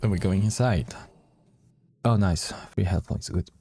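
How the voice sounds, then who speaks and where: A man's voice: deep voice, unhurried, gravelly, mellow, soft background music. A man playing a game on stream, reading its text aloud dramatically and breaking off with surprised asides. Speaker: let's play streamer.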